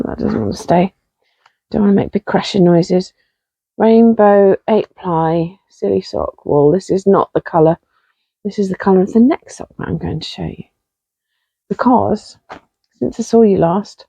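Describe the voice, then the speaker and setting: A woman's voice: medium pitch, measured pace, vocal fry, mellow, husky, dry recording, dull audio. A woman hosting a casual knitting podcast, chatty and self-deprecating, rambling with fillers. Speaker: podcast host.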